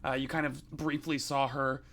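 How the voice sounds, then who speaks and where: A man narrating a tabletop game as game master, halting with many fillers. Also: mid-range voice, little pitch movement, noisy background.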